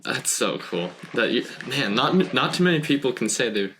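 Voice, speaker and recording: A young man hosting a podcast interview, his voice bright and forward. He reacts with easy enthusiasm and asks his questions casually. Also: mid-range voice, sing-song, normal speed, a little hiss or hum. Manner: enthusiastic, says "so cool". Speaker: podcast host.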